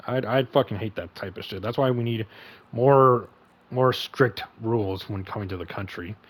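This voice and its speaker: A man's voice: lowish voice, moderate pace. A man hosting a casual chat stream, rambling with lots of fillers and heavy swearing. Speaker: podcast host and streamer.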